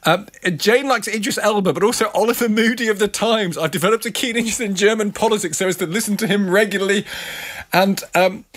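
A man's voice: sits high, fast, a bit bright. A man co-hosting a radio discussion in a playful, teasing way, reading listener messages aloud. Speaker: radio co-host.

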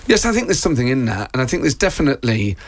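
A man speaking quickly as a talk-show guest, with a gravelly, creaky texture to his voice. He is animated and chatty in relaxed discussion and laughs easily. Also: mid-range voice. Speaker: guest, football podcaster. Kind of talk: casual discussion.

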